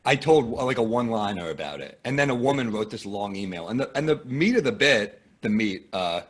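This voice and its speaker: A man from the United States speaks as a podcast guest and comedian, with a slightly raspy voice. His intonation swings freely as he tells self-deprecating stories. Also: lowish voice, a little fast. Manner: self-deprecating, lively storytelling. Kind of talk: casual comedic conversation.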